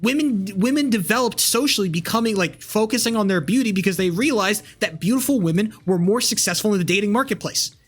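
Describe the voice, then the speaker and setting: A man's voice: sits high, lively intonation, fairly quick, hardly any pauses, husky, soft background music. A young man streaming live, rambling casually with crude language and lots of fillers and restarts.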